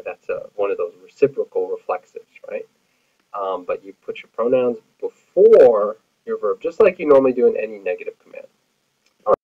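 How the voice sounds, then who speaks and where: A man's voice: mid-range voice, husky. A man teaching Spanish grammar in a recorded lecture, explaining patiently with many fillers. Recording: tinny phone-like audio.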